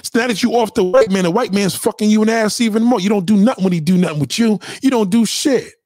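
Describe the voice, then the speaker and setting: Casting: man with a high, reedy voice, ranting hard into a close dry mic, profane and confrontational. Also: racing, no room sound. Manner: profane, confrontational, swings between loud and low. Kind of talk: ranting monologue.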